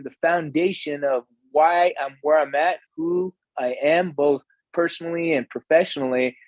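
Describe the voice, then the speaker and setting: A man's voice: a little high, dry recording, poor audio. A man, a guest on a podcast, telling earnest personal stories in a reflective conversational way, with some fillers. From United States. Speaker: podcast guest, real estate investor. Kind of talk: storytelling in conversation.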